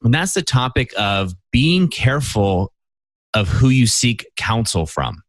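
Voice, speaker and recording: A man's voice: medium pitch, big pitch swings, unhurried, dry recording. A man hosting a men's coaching podcast, telling stories emphatically with lots of "you know" and "right?". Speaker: podcast host. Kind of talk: conversational coaching talk.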